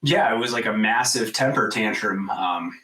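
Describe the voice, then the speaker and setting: Animated man telling a story, slightly off-mic. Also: lowish voice, moderate pace, distant mic, rough recording. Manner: animated storyteller, acts out quoted voices loudly; frequent "like" fillers, swears casually. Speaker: podcast guest. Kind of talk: storytelling in a casual interview.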